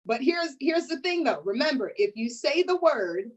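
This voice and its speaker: A woman's voice: fairly high pitch, expressive, normal speed, low-quality recording. Sassy woman hosting a panel. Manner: sassy, playful, calls people honey. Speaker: host. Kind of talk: lively hosted panel talk.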